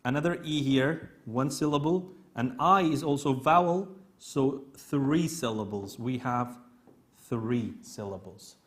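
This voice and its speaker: A man with a Kurdish accent, a native Kurdish speaker, teaching an English grammar lesson, explaining step by step and often checking in with "okay?". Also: mid-range voice. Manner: slow, repetitive explaining with many "okay?" checks.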